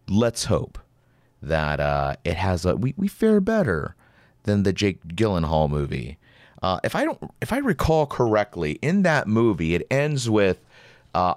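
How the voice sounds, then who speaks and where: Sarcastic ranting male host, very animated. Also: fairly low pitch, dry recording, clean studio sound. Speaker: podcast host. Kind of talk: opinionated commentary monologue.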